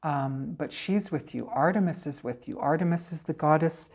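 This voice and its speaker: Casting: low-pitched chatty woman, medium telling stories in an interview. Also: moderate pace, husky. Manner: chatty, animated, frequent okay and right tags. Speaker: psychic medium guest. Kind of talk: casual interview storytelling.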